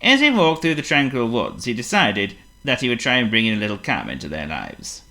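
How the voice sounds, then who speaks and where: A man reading a children's storybook aloud, theatrical and animated. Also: medium pitch, a little fast. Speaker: narrator.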